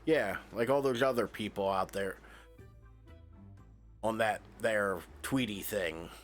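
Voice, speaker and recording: A man voicing a bitter middle-aged rural French farmer in a flat, plain reading voice. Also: lowish voice, slow, faint music behind.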